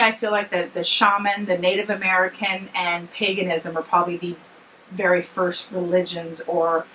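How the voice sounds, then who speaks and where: A woman's voice: mid-range voice, a bit bright, slight background noise, rough recording. A woman in her forties vlogging tired after work, telling a personal story in a rambling, self-correcting, chatty way. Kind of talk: casual personal storytelling to camera.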